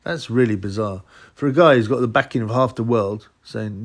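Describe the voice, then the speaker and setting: A man's voice: mid-range voice, normal speed. Man, boxing host, rambling solo commentary, restarts, mock voices.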